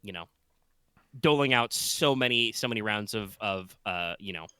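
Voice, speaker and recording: A man's voice: lowish voice, expressive, normal speed, bright, forceful tone, smooth, no echo. A man playing a tabletop game, describing scenes in a rambling, filler-heavy way. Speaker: player. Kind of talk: casual tabletop play.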